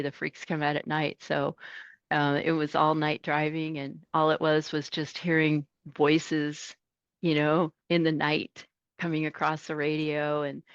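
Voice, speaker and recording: A middle-aged woman tells her stories as a guest in a casual interview. She is animated and acts out the voices she quotes, in a lowish voice. The recording is dry and a bit dull. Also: smooth, no room sound. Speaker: truck driver guest.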